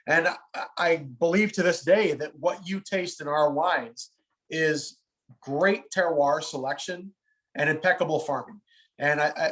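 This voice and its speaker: A man's voice: fairly high pitch, low-quality recording. A man in his forties, a winemaker, telling stories in an interview and often repeating a word as he starts a thought. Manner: animated storyteller, repeats words when starting a thought. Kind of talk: storytelling interview answer.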